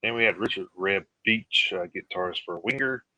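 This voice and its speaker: A man co-hosting a casual live radio show, reading out a list with many pauses and fillers. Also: deep voice, bright, forceful tone, no room sound, poor audio. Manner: halting, filler-heavy reading of lists.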